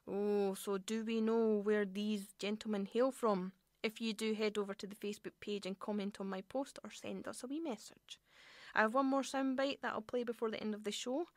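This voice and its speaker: A woman's voice: mid-range voice, fairly even intonation, moderate pace, no echo, clean studio sound. A Scottish woman hosting a radio show in a playful, jokey manner, laughing often. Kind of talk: chatty radio presenting.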